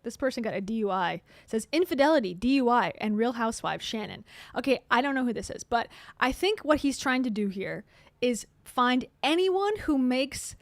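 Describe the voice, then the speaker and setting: A woman hosts casual reaction commentary in a sarcastic, chatty way, laughing often. Her voice sits a little high, and the recording is dry and close, with no room sound. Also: lively intonation, normal speed, no room sound. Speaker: commentary channel host.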